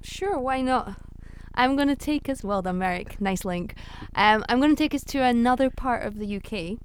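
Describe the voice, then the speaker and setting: A woman's voice: fairly high pitch, lively intonation, normal speed, slight background noise. A woman co-hosting a podcast, explaining things patiently in casual chat. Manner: explaining patiently, laughs easily. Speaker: podcast co-host.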